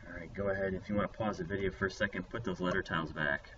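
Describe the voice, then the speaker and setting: A man's voice: deep voice, fairly even intonation, rapid-fire. A man teaching young children a phonics lesson in a playful, upbeat way. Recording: distant mic, dull lo-fi sound, faint noise.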